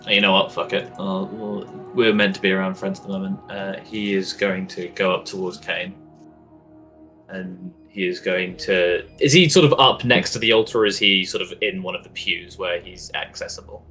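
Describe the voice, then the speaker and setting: A man's voice: deep voice, fairly even intonation, moderate pace, pushed and bright, soft background music. A man casually playing a tabletop game, stumbling over his words and restarting. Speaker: player.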